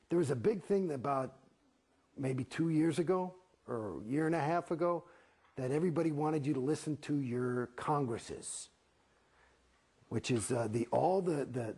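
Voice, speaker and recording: A man's voice: fairly high pitch, dark tone. A man telling his story in an interview, blunt and profane, rambling through false starts. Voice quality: gravelly, husky voice.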